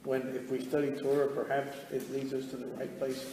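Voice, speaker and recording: A man's voice: medium pitch, little pitch movement, brisk, warm tone. A man in the audience earnestly asking the teacher a thoughtful question. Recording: distant, echoey hall with faint noise.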